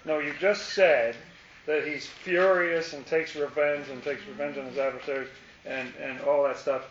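A man's voice: a little high, fairly even intonation, normal speed, roomy sound, dull audio, slight background noise. A man leading a casual Bible study, explaining passages with playful asides.

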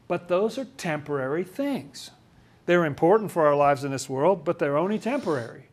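Chatty man teaching scripture, fairly high voice. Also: animated, normal speed. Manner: chatty, often acts out quoted voices. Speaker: religious teacher.

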